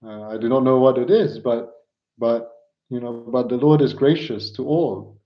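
Male preacher for a sermon: earnest, halting, keeps asking pleading rhetorical questions; mid-pitched voice on a muffled, lo-fi recording. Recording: dull lo-fi recording.

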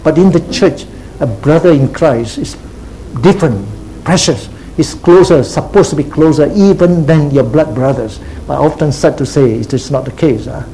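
A man's voice: fairly high pitch, normal speed, dark tone, slight background noise, rough recording. A man preaching a sermon as pastor, teacherly, repeating key phrases and checking in with "See?" and "Huh?".

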